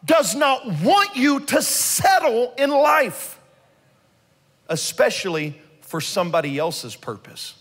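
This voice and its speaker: A man preaching a sermon as pastor, telling stories in an animated way and leading the congregation in call-and-response. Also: very high-pitched. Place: church sanctuary. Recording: long hall reverb.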